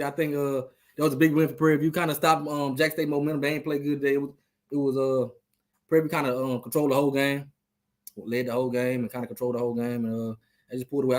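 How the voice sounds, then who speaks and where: Loose trash-talking man on a stream. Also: mid-range voice. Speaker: podcast host. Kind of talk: casual sports talk on a live stream.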